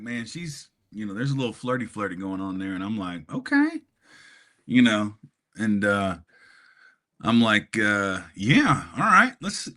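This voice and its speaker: Bright-voiced rambling man from Hawaii. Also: fairly low pitch. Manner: rambling storyteller with many fillers and chuckles. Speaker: podcast co-host. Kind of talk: casual chat.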